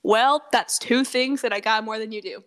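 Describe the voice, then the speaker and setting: A woman's voice: fairly high pitch, normal speed, a bit bright. A teenage girl co-hosting a podcast, telling a story in casual chat, laughing often and swearing freely. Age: teens. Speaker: podcast co-host.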